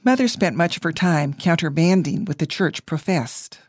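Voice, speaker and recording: A woman reads her family story aloud with wry, measured storytelling. Her voice is low for a woman, recorded close and completely dry. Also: animated, slightly rough, no room sound. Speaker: narrator, reading her family memoir. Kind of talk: storytelling narration.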